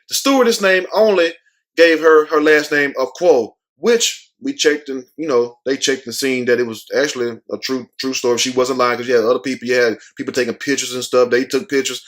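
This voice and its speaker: Man, comedic news commentary, profane and joking, fairly high voice. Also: a bit bright. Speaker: show host.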